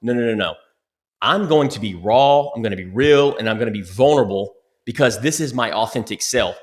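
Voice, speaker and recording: A man co-hosting a podcast speaks openly about changing his own mindset. His delivery is candid and motivational, at a middle pitch. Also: animated, brisk. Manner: candid, self-reflective, motivational. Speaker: podcast co-host. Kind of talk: casual motivational talk.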